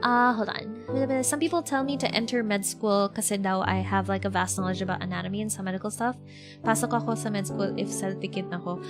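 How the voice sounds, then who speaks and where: A woman, chatting casually and bubbly as a streamer, full of fillers and sudden excited shouts. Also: medium pitch, a little fast. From Philippines. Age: 20s. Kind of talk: casual livestream chat. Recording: background music playing.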